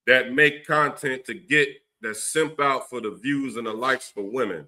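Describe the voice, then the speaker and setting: A man with a Philadelphia accent hosting a livestream, ranting forcefully and preachily, with long runs of stammered fillers. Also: medium pitch, unhurried, few pauses. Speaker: livestream host giving religious commentary. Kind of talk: heated livestream rant.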